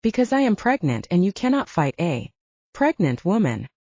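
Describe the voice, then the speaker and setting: A woman voicing an entitled young pregnant heiress who talks in a low, bored drawl, with dull lo-fi audio. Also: big pitch swings, normal speed, dark tone, breathy edge, no echo, full character voice. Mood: haughty.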